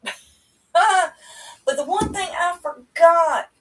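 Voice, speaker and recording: Speaking slowly in a very high, slightly bright voice, a middle-aged woman rambles folksily to her livestream viewers from home by webcam. The recording has a little hiss or hum, and her voice is a bit distant from the mic.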